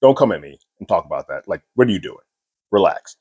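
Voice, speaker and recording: A man's voice: sits low, big pitch swings, fast talker, a little mellow, breathy edge. A man casually recapping a TV episode, chatty and amused, paraphrasing scenes with frequent fillers. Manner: amused, laughing between points. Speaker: TV show recap host.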